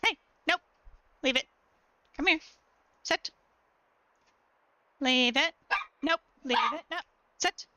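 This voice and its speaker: High, bright-voiced woman streamer. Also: drawn-out words, long pauses, dry recording. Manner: clipped dog-training commands, then explanatory talk. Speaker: gaming streamer. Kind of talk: casual live-stream chat.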